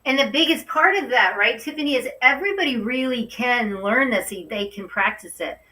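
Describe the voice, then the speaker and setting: An effusive woman hosting a talk show, exclaiming warmly to her guest. Her voice is bright and fairly high. She sits a bit back from the microphone. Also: lively intonation, moderate pace, far from the mic, low-quality recording. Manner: effusive, gushing, exclaims often. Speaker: show host.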